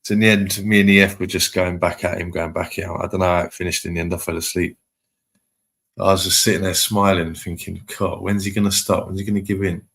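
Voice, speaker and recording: Quick-paced and low, with a breathy edge, a man reads viewer comments aloud during a casual live stream and offers laid-back shout-outs.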